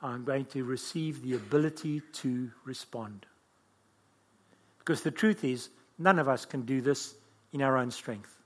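A man's voice: mid-range voice, a little slow. A man preaching a sermon with fervent, emotional delivery.

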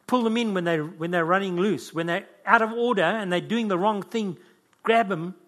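A man's voice: sits high, moderate pace, a bit bright. A man preaching a sermon with fervent, emotional delivery.

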